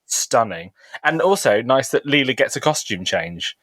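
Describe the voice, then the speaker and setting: A man chatting as a podcast guest, full of enthusiasm and rambling from one thought to the next, restarting his sentences often. His voice is mid-pitched and sits close and dry with almost no room sound. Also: sing-song, moderate pace, fairly bright tone, no echo. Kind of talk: casual chat. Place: on stage in a theatre.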